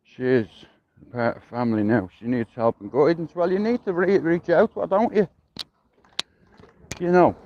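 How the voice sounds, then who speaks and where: A man's voice: fairly high pitch, moderate pace, pauses often, muffled recording. A middle-aged man with a Dublin accent chatting casually on a livestream while walking outdoors, rambling and swearing with lots of "you know what I mean". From Ireland. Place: outdoors, walking through a neighbourhood.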